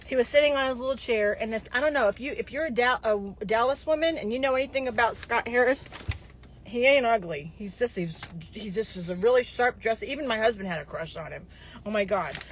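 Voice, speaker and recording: A woman in her fifties with a fairly high voice talks straight to her viewers in a loose, chatty monologue. She rambles, backs up mid-sentence and wanders off on side stories before pulling herself back to the point. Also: a bit bright. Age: 50s. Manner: rambling and chatty, with digressions and restarts.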